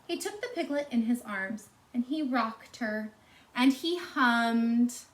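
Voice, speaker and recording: Animated woman reading a storybook. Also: fairly high pitch, slow pace. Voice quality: expressive, animated. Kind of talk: reading a storybook aloud to children. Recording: echoey room.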